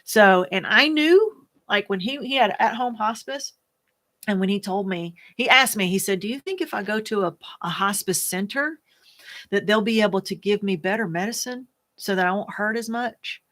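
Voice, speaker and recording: A woman, a widow, talking candidly to the camera, soft-spoken and earnest, halting and searching for words with many fillers. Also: medium pitch. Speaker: widow sharing her experience. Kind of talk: candid personal talk to camera.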